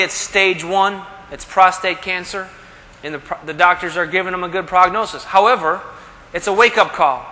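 A man's voice: high-pitched, sharp tone. A man preaching a sermon as a pastor, talking conversationally and asking rhetorical questions. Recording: long hall reverb.

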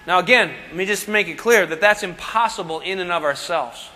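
A man delivers a sermon in a high, bright voice. He talks in a conversational way, asking questions and answering them himself. The sound carries a long reverb from a large hall. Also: a little fast, hardly any pauses. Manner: conversational preaching with rhetorical questions. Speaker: pastor.

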